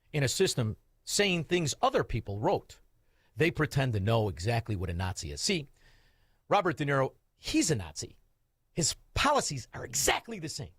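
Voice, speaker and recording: A man hosting a political talk radio show, combative and mocking, with sudden shouted insults. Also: mid-range voice, husky, no room sound, studio quality.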